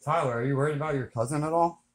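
A man in his forties filming at home, laughing hard, swearing and talking loudly in casual chat. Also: fairly high pitch, racing. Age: 40s.

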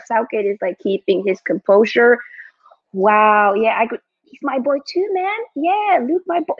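A young woman hosting a live football watchalong from home, excitable and reading out viewer chat. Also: fairly high pitch, dry recording. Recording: dull lo-fi dry mic.

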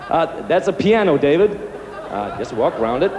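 A man's voice: on the high side, echoey room, highs cut off, noisy background. An actor playing a greedy, cruel male TV preacher who mocks his flock in a sketch comedy. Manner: scornful, mocking, preaching. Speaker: televangelist.

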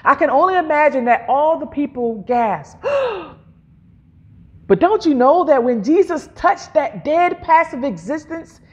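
A woman preacher gives an emphatic sermon in a high voice with lively intonation, drawing out her phrases, gasping audibly for effect, and calling on the congregation to repeat after her. The recording sounds muffled.

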